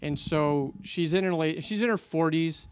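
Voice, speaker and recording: A man's voice: a little high, moderate pace, smooth. A man telling a long faith story in casual conversation, animating the quotes he tells, with many fillers.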